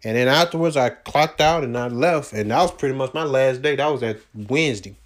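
A man's voice: mid-range voice, brisk. Man rambling slangy on a cheap mic. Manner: profane, loose slangy talk with many fillers. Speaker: vlogger recounting his job search. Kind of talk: casual rambling storytelling. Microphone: no proper microphone.

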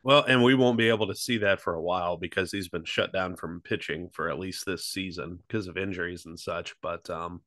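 A man co-hosting a laid-back podcast, his voice sitting a little low. He meanders through his thoughts with plenty of ums, restarts and the odd curse word. The recording is close and dry, with no room sound. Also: fairly even intonation, brisk, hardly any pauses, fairly bright tone, no room sound. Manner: rambling, loose delivery with many fillers and restarts; swears freely. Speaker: podcast co-host. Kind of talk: casual chat.

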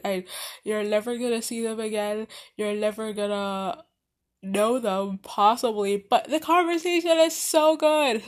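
A young woman casually telling a personal story, chatty and animated, with many fillers and restarts. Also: medium pitch. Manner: animated, laughs often.

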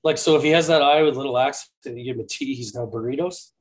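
A man's voice: mid-range voice, quick pace, crowd noise. A man co-hosting a casual podcast, reading off stat lines and ribbing his partner with offhand swearing. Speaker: podcast co-host.

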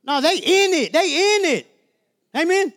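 A man's voice: very high-pitched, expressive, a little slow, a bit bright. A man preaching a sermon as minister, emphatic and colloquial, often calling out "Amen?" to the congregation.

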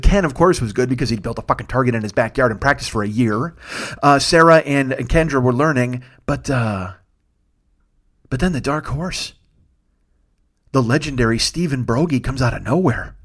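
A middle-aged man telling a long comic story as a podcast host, animated and profane, laughing and loudly acting out the voices in it. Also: medium pitch. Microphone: studio microphone.

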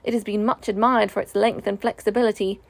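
A woman's voice: medium pitch, fairly even intonation, fast talker, vocal fry, no echo. A woman voicing a haughty, vain female otter in a storybook reading, with a demanding manner.

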